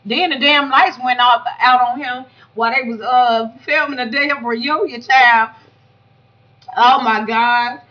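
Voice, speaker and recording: A woman giving blunt, profane, animated commentary on a reality show in a casual vlog. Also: a little high, a little slow. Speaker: YouTube commentator reviewing a reality show reunion. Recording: dull lo-fi audio.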